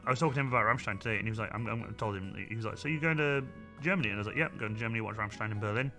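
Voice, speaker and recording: A man hosting a painting stream, a loud, animated storyteller chatting casually with a friend. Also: on the low side, racing, soft background music. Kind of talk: casual chat while painting miniatures.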